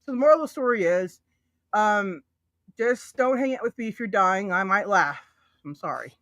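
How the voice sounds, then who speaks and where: A woman's voice: mid-range voice, expressive, normal speed, a bit bright, no echo. Woman streamer chatting away, bouncy voice, keeps laughing, dry sound. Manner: laughs often, acts out quoted voices. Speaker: livestream host. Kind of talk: casual storytelling chat.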